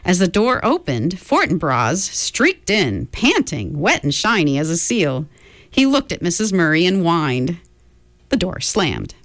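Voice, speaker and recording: A woman radio host reads a story aloud expressively and chats casually between songs. Her reading is slow with a lively, moving pitch and a fairly low voice. The sound is dry and close. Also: no room sound. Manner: warm and expressive reader, chatty between songs.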